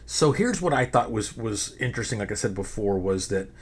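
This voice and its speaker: A man's voice: fairly low pitch, animated, brisk, husky. A middle-aged man hosting a podcast in a casual, rambling monologue, swearing freely and often restarting his sentences. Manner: rambling, profane, frequent restarts. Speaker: podcast host.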